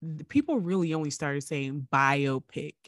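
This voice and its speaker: A woman's voice: low voice, expressive, normal speed, dry recording, clean studio sound. A woman co-hosting a podcast in casual chat, telling stories in a wry, emphatic way. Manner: chatty storyteller, wry and emphatic. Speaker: podcast co-host.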